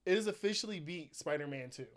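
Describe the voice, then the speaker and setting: Young man, casual podcast co-host, somewhat high pitch, playful, laughs a lot. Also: animated, quick pace. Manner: playful, laughs often, addresses viewers directly. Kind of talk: casual chat.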